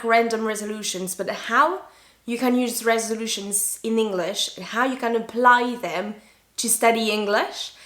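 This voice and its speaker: A woman from France, a native French speaker, teaching an English lesson to learners, repeating key words slowly and deliberately. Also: fairly high pitch, fairly bright tone, echoey room.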